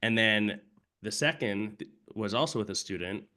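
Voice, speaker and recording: A man's voice: lowish voice, moderate pace, sharp tone. A man co-hosting a casual podcast, a yoga studio owner who talks frankly and reflectively and swears.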